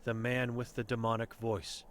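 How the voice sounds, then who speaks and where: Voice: medium pitch, level tone, moderate pace, close to an everyday voice. An actor voicing a blind, mute old woman who is bitter and grim and speaks in terse, broken sentences in a video game.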